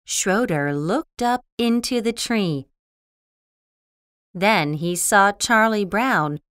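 A woman's voice: medium pitch, lively intonation, takes it slowly, fairly bright tone, clean tone, no echo. A woman narrating a graded reader story for English learners, reading carefully and expressively on a close studio mic.

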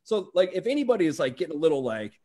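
A man's voice: a little high, big pitch swings, racing, mellow. A young man doing stand-up on a video call, telling a story in a rambling way full of "like" and restarts. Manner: rambling, full of "like" and restarts, acts out quoted voices. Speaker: stand-up comedian. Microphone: video call microphone.

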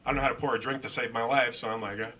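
A man's voice: medium pitch, steady tone, rapid-fire, sharp tone. A middle-aged man emceeing a comedy show, rambling through self-mocking, profane bits and crowd work.

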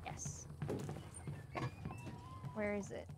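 A woman streaming a horror game with friends, excitable and quick to shriek and swear. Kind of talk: casual gaming chat.

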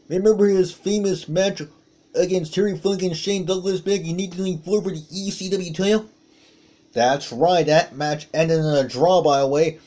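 A man doing play-by-play commentary on a wrestling match, calling out moves with excited exclamations. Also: sits high, moderate pace.

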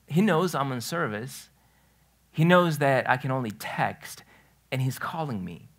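Guy preaching in church, mid pitch, chatty story-telling sermon, keeps restarting sentences. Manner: storytelling, chatty, self-correcting, laughs at his own story. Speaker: pastor. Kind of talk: conversational sermon. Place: church sanctuary.

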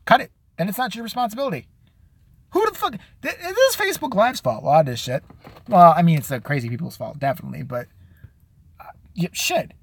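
A man's voice: sits high, sing-song, brisk, slightly rough. A man hosting his own show, delivering a crude, sarcastic comedic rant and slipping into mocking impressions of other people. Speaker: show host.

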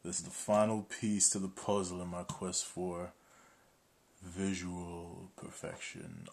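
A man's voice: sits low, vocal fry, noisy background. A man casually narrating an unboxing, chatty and playful, with self-mocking asides. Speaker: video host.

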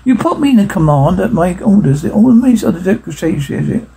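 A pompous general who blusters and demands respect, as a man reads him. The voice is mellow and very husky, a touch high. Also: very animated, brisk, full character voice. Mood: blustering.

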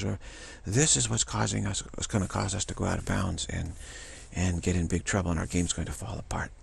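A man giving a casual spiritual talk to camera, rambling and repeating himself with halting restarts. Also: deep voice, fairly even intonation, creaky, slightly rough. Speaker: spiritual vlogger.

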